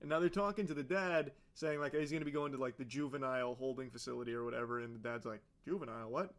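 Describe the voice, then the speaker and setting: A man's voice: medium pitch, steady tone, quick pace. A man giving casual, sarcastic and profane commentary on a video, with plenty of filler words. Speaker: reaction commentator.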